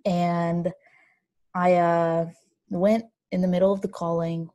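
A young woman with a fairly low voice chats casually as co-host, telling her story in long run-on bursts full of "like" and restarts. The sound is dry and close, with no room around it. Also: slow pace, no echo. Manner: animated, run-on storytelling with many fillers.

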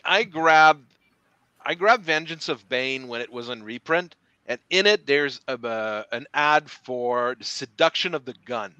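A man co-hosting a casual podcast chat, speaking haltingly with many fillers. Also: medium pitch, sharp tone, clear, resonant tone, no room sound. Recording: dry, dull lo-fi mic.

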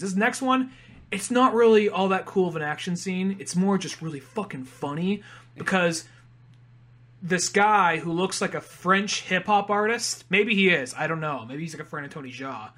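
A man's voice: sits high, moderate pace, pushed and bright. A young man co-hosting a podcast in casual chat, joking enthusiastically. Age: young adult. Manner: enthusiastic, joking, acts out voices. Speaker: podcast co-host.

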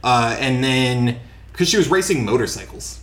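A man co-hosting a casual movie podcast, opinionated and profane, recapping the plot quickly with mocking quotes. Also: medium pitch, expressive, fairly bright tone. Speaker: podcast co-host. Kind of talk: casual movie review chat.

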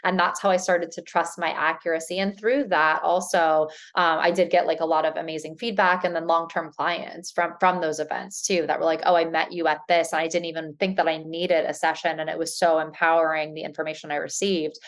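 A woman's voice: low voice, little pitch movement, brisk, hardly any pauses. A woman tarot reader as a guest, chatting casually and filling her talk with "like" and restarts. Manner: chatty, filler-heavy, many restarts with "like". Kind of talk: casual conversational interview.

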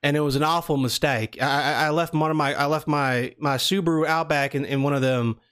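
A man's voice: fairly high pitch, steady tone, brisk, a bit bright, clear, resonant tone, natural voice. A man putting on a Southern accent as a rambling, folksy family man in an improvised prank call. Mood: chatty, rambling. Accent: put-on American Southern. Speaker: prank caller.

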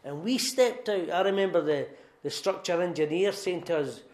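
A middle-aged Scottish pastor preaches a sermon in a high, slightly mellow voice at a moderate pace. He tells stories earnestly and emphatically, repeating key phrases, and the room is echoey.

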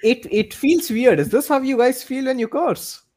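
A man's voice: very high voice, moderate pace, a little mellow. A man co-hosting a podcast in casual chat, talking with hesitant, stammering restarts. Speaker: podcast co-host.

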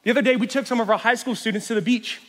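High-voiced guy preaching, big hall echo, goes loud then real quiet. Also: very fast. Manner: animated, swings from loud to hushed. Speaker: youth pastor. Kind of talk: sermon.

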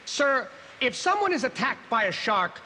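A high eager news reporter. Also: male voice, sing-song, moderate pace, very noisy. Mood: urgent. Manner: urgent on-the-spot reporting. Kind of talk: 1970s novelty record skit. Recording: reverberant old record with loud music.

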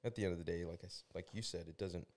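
A male podcast host with a very deep voice who talks fast. He keeps the chat loose and relaxed, swearing casually as he asks his guests questions.

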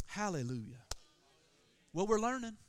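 A man's voice: high voice, sing-song, unhurried. A male pastor preaching a sermon in a church, emphatic and calling for amens. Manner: emphatic preaching, calls for Amen.

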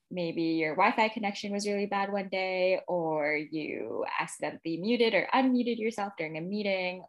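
A young woman hosting a podcast over a video call, chatting in a bubbly, teasing way. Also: lowish voice. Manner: bubbly, teasing, quick to laugh. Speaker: podcast host. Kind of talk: casual chat.

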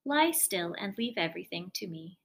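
A wise old storybook queen who speaks calmly and soothingly, quietly sure of her plan, as a woman reading the tale puts her on. Her voice is gentle and unhurried. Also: lowish voice, vocal fry.

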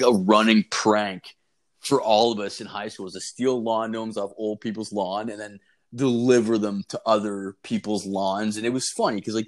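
A young man co-hosting a podcast, telling rambling, profane stories in casual chat and laughing through them. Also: lowish voice. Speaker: podcast co-host.

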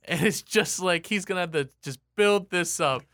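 A man co-hosting a casual podcast, animated and often laughing as he chats. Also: high voice, no room sound, studio quality. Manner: animated, laughing, quick impressions. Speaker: podcast co-host. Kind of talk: casual wrestling podcast chat.

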